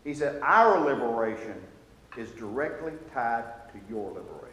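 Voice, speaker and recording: A man teaching a Sunday school lesson in a church, earnest and halting at times, growing emphatic as he makes his points. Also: mid-range voice, animated, fairly bright tone. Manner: earnest, halting with restarts, grows emphatic when quoting. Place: church classroom or hall. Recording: echoey church hall with faint noise.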